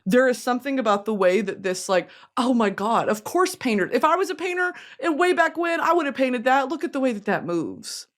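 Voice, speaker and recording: A woman hosting a casual chat show, talking in an animated, profane way and laughing often. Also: high-pitched, brisk, hardly any pauses. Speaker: podcast host.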